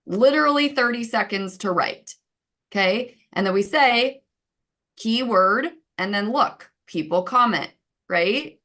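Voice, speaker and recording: A woman in her thirties with a somewhat high voice gives a casual teaching talk. She speaks in a lively, chatty way and keeps checking in with "right?". She often slips into little acted-out quotes. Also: a little slow. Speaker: software co-founder giving marketing advice.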